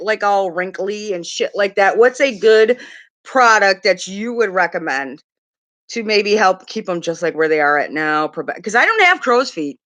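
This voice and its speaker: A woman's voice: mid-range voice, a bit bright. A middle-aged woman hosting a casual makeup livestream, chatting loosely with viewers, rambling and swearing now and then. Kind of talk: casual livestream chat reading comments.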